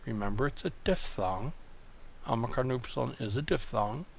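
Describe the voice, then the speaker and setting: A man teaching an online lesson, working through exercises step by step and thinking aloud in a slow, methodical way. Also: mid-range voice, gravelly, slight background noise. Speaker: Greek tutor.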